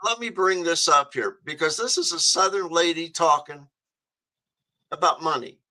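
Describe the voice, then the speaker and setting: A man hosting a radio show, chatting casually and telling animated stories. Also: a little high, normal speed, low-quality recording. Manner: chatty storyteller, animated, laughs often.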